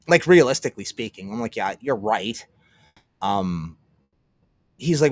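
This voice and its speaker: Casting note: Canadian man as livestream host, middle pitch, sarcastic rambling, dry close sound. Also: expressive, normal speed, pauses often, dry recording. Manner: rambling, sarcastic, mutters while searching. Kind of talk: casual solo livestream commentary.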